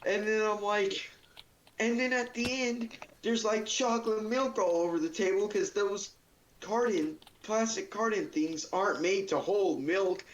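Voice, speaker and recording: A man's voice: sits high, a little slow. A teenage boy streaming, talking casually and rambling with lots of fillers. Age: teens. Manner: rambling, full of fillers and quoted outbursts. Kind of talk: casual chat while gaming. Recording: dull lo-fi mic with faint hiss.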